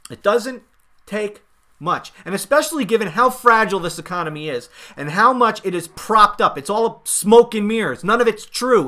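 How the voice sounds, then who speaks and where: Sarcastic, bright-voiced male podcast host. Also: high voice, expressive, moderate pace. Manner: sarcastic, mocking paraphrases of others; emphatic, rising and falling loudness. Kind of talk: political commentary monologue.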